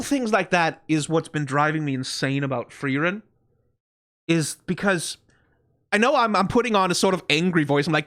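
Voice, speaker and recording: A man talks through an anime episode in loose, profane commentary, circling back and restarting his sentences. His voice sits on the high side and swings widely in pitch. The sound is dry and close, with no room around it. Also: normal speed, dry recording. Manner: animated, profane rambling with frequent restarts and laughs. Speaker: anime reaction host. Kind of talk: casual reaction commentary.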